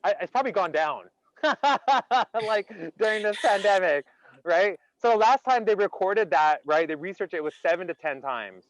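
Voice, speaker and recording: A man's voice: sits high, lively intonation, moderate pace, dry recording, low-quality recording. A man leading an interactive online laughter workshop. He talks with energy, keeps asking the audience questions and fills his speech with "like". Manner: chatty, many "like" fillers.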